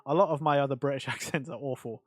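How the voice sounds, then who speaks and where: A man's voice: medium pitch, fairly even intonation, quick pace, no room sound. A male streamer chatting casually on a livestream, rambling and answering chat with lots of fillers.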